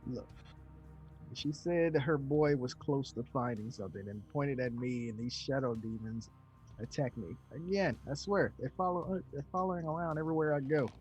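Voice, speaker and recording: A man's voice: medium pitch, normal speed, a little mellow, faint music behind, low-quality recording. A man playing his character in a tabletop game, speaking in character and muttering. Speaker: player. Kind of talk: in-character tabletop role-play.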